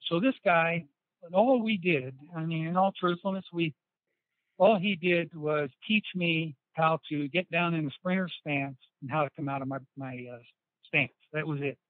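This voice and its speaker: A man's voice: on the high side, normal speed, no room sound. Male interview guest, loose storyteller full of restarts and quotes; thin phone-line sound. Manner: rambling anecdotes with many restarts and quoted dialogue. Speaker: interview guest, former football player. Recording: dry tinny phone-like sound.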